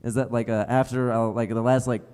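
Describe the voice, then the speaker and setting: A man's voice: medium pitch, level tone, fairly quick, a little mellow, clear, resonant tone, in a large hall. A young adult man doing a stand-up comedy set on a theater stage, rambling and self-mocking, with many fillers. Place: theater stage before a live audience.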